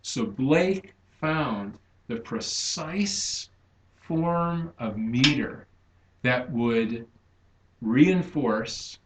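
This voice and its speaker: A man giving a recorded literature lecture, speaking deliberately and stressing syllables to show the meter. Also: medium pitch. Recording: echoey room.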